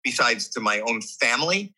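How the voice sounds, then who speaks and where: A man being interviewed, telling a personal story in conversation, animated and emotional, with frequent restarts. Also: mid-range voice, normal speed, slightly rough, low-quality recording. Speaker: guest.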